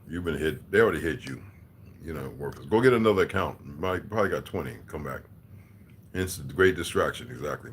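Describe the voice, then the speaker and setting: A livestream host chats casually, reading viewer comments and answering them in a blunt, profane way. He laughs a lot and swings from quiet muttering to loud, heated outbursts, over a low rumble with a slight hiss or hum.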